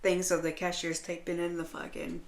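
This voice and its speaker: A woman's voice: lowish voice, normal speed, vocal fry. A woman telling a long story in casual chat, swearing heavily and checking in with "right?" every few lines. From Canada. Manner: heavily profane animated storytelling, full of "right?". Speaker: co-host. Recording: echoey room.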